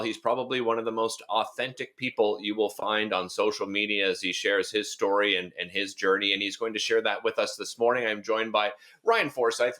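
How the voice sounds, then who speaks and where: A man with a Canadian accent hosting a local TV interview show, measured and warm as he introduces and questions his guest. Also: on the low side. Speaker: host.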